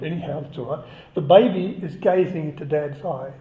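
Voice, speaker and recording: A man's voice: fairly high pitch, brisk. A man giving a chatty, conversational sermon and joking with the congregation. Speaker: preacher. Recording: echoey, slightly dull church recording.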